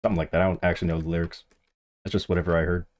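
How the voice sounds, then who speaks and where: A man's voice: sits low, very fast. A man streaming a game, chatting casually and animatedly to the players with him. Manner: animated, yelps and laughs, chats to other players.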